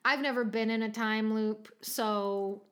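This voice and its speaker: Recapping a TV episode for a podcast, this female co-host chats freely, peppering her speech with "like" and frequent laughter. She speaks unhurriedly in a fairly high, clear, resonant voice that is fairly bright, with fairly even intonation.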